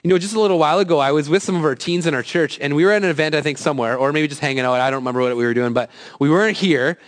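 A man's voice: on the high side, racing. A man in his thirties giving a casual, conversational sermon as a youth pastor, joking at his own expense and acting out quoted voices. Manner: conversational, self-deprecating, acts out quoted voices.

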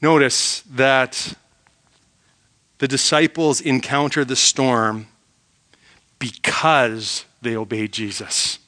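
Bright-voiced male preacher, emphatic. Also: mid-range voice, fairly even intonation, takes it slowly, long pauses. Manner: emphatic, rhetorical questions, drops to quiet for emphasis. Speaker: pastor. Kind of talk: sermon.

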